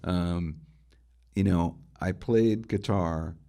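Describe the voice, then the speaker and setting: A man's voice: low-pitched, very slow, vocal fry, mellow. A middle-aged man, a guitarist and music writer, telling enthusiastic anecdotes as an interview guest and asking rhetorical questions. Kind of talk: storytelling in a conversational interview.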